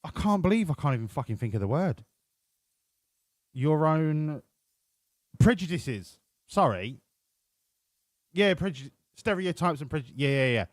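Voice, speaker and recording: Brief: male streamer, animated swings in pitch, dry close mic, cheeky and sweary. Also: unhurried, long pauses, dry recording. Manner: chatty, sweary, banters with chat. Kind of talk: casual game livestream commentary. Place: home room.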